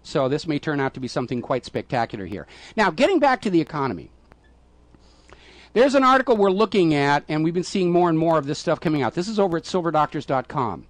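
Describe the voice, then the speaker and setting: A middle-aged man hosting a talk radio show, delivering a sarcastic, mocking monologue. His voice sits high for a man, and the sound is close and dry, with no room around it. He stumbles over words now and then and reaches for fillers. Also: very animated, fast talker, no room sound.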